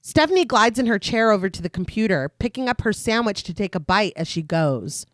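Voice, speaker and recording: Lively, dry-sounding woman podcaster. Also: medium pitch, a little fast, no room sound. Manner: laughs often, animated asides. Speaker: podcast co-host. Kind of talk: reading a film recap.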